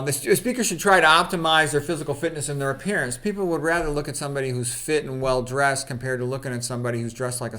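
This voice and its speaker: A man talks casually on his own, reading out quotes and breaking off to comment. His voice sits at an ordinary middle pitch, and his delivery is conversational and opinionated, full of "okay" and "you know". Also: fairly bright tone. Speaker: channel host.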